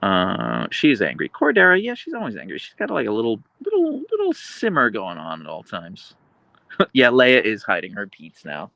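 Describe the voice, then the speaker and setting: A man's voice: wildly swooping pitch, normal speed, vocal fry, pushed and bright, no room sound. Chatty man reading stream chat aloud. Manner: baby talk to his dogs in high pitch. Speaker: live streamer. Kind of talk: casual live stream chat. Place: home in Seattle.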